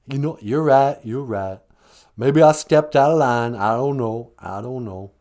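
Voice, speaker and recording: A man's voice: mid-range voice, a little slow, a little mellow, close to an everyday voice. A man voicing a brash, pushy woman caller who teases and bosses the host around. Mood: chatty. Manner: brassy, calls the host a fool.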